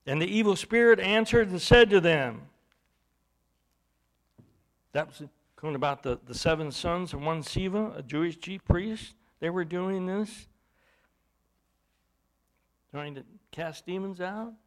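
A man's voice: high voice, a little slow, long pauses. A man preaching a sermon, teaching from scripture in an emphatic way, with bursts of volume.

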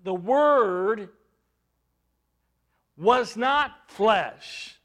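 A man's voice: high-pitched, lively intonation, very slow, a bit bright. A man preaching a sermon, teaching from scripture in an emphatic way, with bursts of volume.

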